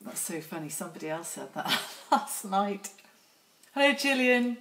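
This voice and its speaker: A woman's voice: medium pitch, big pitch swings, normal speed, a bit bright, slight background noise. A middle-aged woman hosting a casual live stream outdoors on her phone, chatty and teasing as she greets viewers by name. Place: outdoors near lambs.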